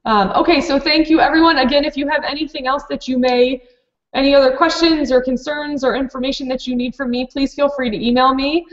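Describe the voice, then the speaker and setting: A woman's voice: high voice, steady tone, fairly quick. A woman presenting a teacher webinar, practical and matter-of-fact, with many fillers. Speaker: preschool program director presenting to teachers. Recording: dull lo-fi webinar audio.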